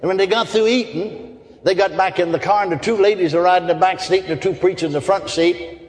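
A man's voice: high voice, quick pace, a little hiss or hum. A man preaching a sermon, telling folksy stories, chuckling often and asking the crowd for amens. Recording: long hall reverb.

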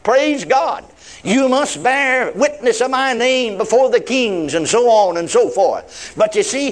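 A man preaching a sermon, stressing and repeating key phrases and slowing down on important words. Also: very high-pitched, lively intonation.

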